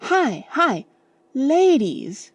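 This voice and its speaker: A woman voicing an excitable middle-aged male clergyman who shouts in a flustered, raised voice in an audiobook. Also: on the high side, slow pace, no echo, voice pushed up, heavily acted. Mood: urgent calling.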